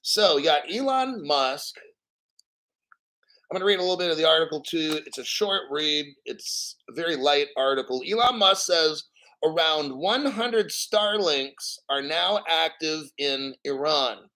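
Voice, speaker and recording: A man with a somewhat high-pitched voice chats through a crypto livestream in an easy, rambling way. He swears casually and keeps clearing his throat between thoughts. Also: lively intonation, measured pace, bright, forceful tone. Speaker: crypto livestream host reading chat.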